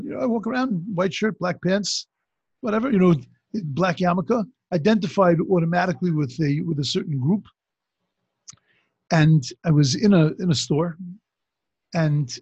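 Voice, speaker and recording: Very husky, gravelly man teaching. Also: on the high side, a little mellow, dry recording. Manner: conversational storytelling with many restarts. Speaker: religious teacher. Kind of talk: Torah class talk. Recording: dull lo-fi recording.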